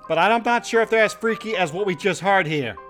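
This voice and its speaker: An easygoing male host rambles amiably through his lines in a slightly high voice. He wraps up segments in loose, casual chat. Faint music sits in the background. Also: animated, brisk, fairly bright tone. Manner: easygoing, rambling, hedging with fillers. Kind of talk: casual comedic podcast chat.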